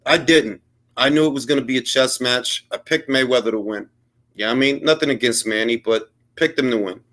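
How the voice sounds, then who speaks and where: A man's voice: mid-range voice, a little fast, fairly bright tone. A man giving blunt, heated boxing commentary on his own, in slangy casual speech, mocking others in put-on quotes. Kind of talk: opinionated solo commentary.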